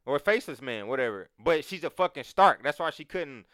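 A man in casual chat, talking in an animated, profane way and acting out quotes. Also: on the high side, fairly quick, no echo, studio quality.

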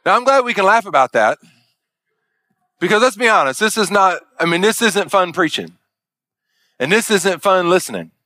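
A middle-aged man, a pastor, telling a story in a sermon with many halting restarts. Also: sits high, lively intonation, sharp tone, dry recording.

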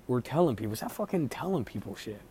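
A man's voice: medium pitch, big pitch swings, fast talker, dark tone, slight background noise. A young man giving a casual motivational rant to camera. He talks in a rambling, emphatic way, swears constantly and repeats himself. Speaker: vlogger.

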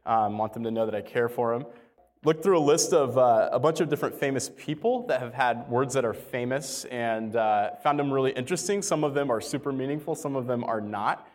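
A man preaching a sermon in a relaxed, conversational way, with light humor and slow, deliberate reading of quotes. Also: mid-range voice. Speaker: pastor.

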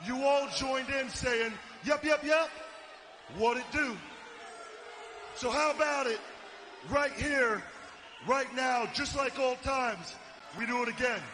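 A man shouts a wrestling promo in a high, strained voice. He drawls each phrase out slowly. Arena noise rolls behind him, and the clip sounds distant. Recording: archive clip from far off with loud arena ambience.

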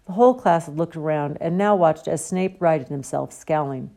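A woman reading a novel aloud as an audiobook, with steady storytelling delivery. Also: low-pitched, normal speed, gravelly. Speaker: audiobook reader. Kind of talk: audiobook narration.

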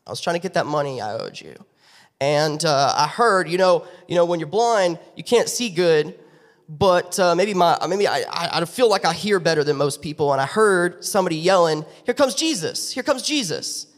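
A man's voice: on the high side, moderate pace, natural voice. A man voicing a formerly blind beggar, now healed, who talks in a chatty, eager way. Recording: long reverb of a church hall.

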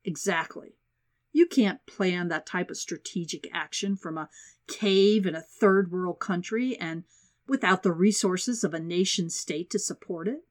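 A woman's voice: fairly low pitch, measured pace, lightly acted. A woman reading the lines of a scheming male presidential adviser, reassuring and matter-of-fact. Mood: persuasive.

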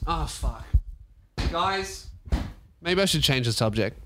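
A man's voice: fairly high pitch, animated, takes it slowly, fairly bright tone, slight background noise. A young Australian man hosting a podcast, ranting in a casual, sarcastic, profane way. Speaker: podcast host and comedian.

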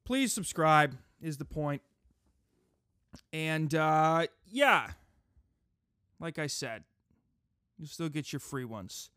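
A podcast host doing a crude, profane comedic monologue, ranting in a mock-pompous way. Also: male voice, fairly high pitch, lively intonation, slow, pauses often, sharp tone, clear, resonant tone, no echo, studio quality.

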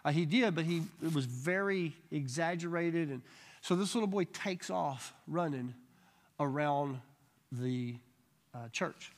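A man with a somewhat high voice teaches a church Bible study group. He tells healing stories with animated energy and slips into quick quoted voices.

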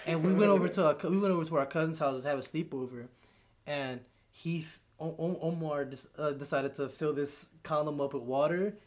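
Young male podcast host with a high, bright pitch, a lively storyteller who acts out his quotes. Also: fairly quick. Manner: animated storyteller, acts out quotes, laughs a lot. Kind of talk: casual chat.

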